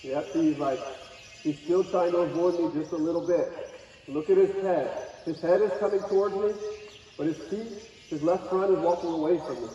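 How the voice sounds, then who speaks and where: A man teaching a live horse-training clinic, talking in a calm, coaxing way to both the horse and the watching group. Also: on the high side, moderate pace, slight background noise. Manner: calm, coaxing, talks to horse and audience in turns. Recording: distant, echoey, dull outdoor recording.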